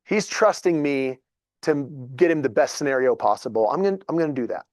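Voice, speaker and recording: A man, telling stories casually to a group in a lively, chatty way and acting out what people said. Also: medium pitch, brisk, no echo, clean studio sound. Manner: animated, chatty, acts out dialogue. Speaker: real estate agent. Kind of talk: casual storytelling talk to a group.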